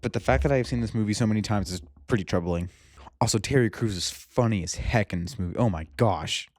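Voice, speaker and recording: A man's voice: lowish voice, quick pace, a little mellow, no echo, studio quality. A young man in casual chat about movies, rambling and laughing, often breaking off mid-sentence. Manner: rambling, laughing, self-interrupting. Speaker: movie review youtuber.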